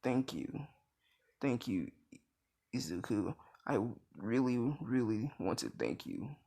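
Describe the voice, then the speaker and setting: A man voicing a hushed, obsessed scientist father. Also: mid-range voice, animated, slow pace, vocal fry, exaggerated voice. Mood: fervent.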